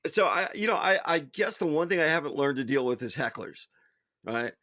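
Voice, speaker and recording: A man co-hosting a podcast livestream, talking in halting, stammering restarts. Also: fairly high pitch, lively intonation, bright, forceful tone, no echo, clean studio sound. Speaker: podcast co-host. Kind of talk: casual livestream banter.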